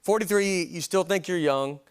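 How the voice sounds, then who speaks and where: A man in his forties with a Southern American accent, telling rambling self-deprecating comedy stories in a deadpan way, as a guest on a TV talk show. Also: sits high, normal speed, smooth. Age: 40s. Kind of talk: deadpan storytelling chat. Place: TV studio with audience. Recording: TV studio with audience noise. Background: audience noise.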